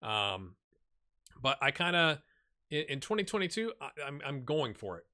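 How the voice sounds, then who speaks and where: Bright, chatty man in his forties. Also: mid-range voice, very animated, moderate pace. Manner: rambling, self-deprecating, chatty. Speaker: gaming YouTuber. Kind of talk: casual let's-play commentary.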